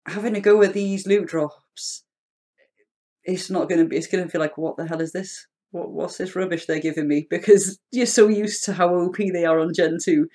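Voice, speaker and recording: A host records chatty, rambling gameplay commentary as a voice-over at home, often poking fun at himself. The voice is medium-pitched with a darkish tone.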